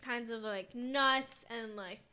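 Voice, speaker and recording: A young woman co-hosts a casual podcast, her voice sitting slightly high with a very bright, crisp edge. She explains things in a relaxed, rambling way, full of filler words. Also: slow pace. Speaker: podcast co-host. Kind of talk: casual chat.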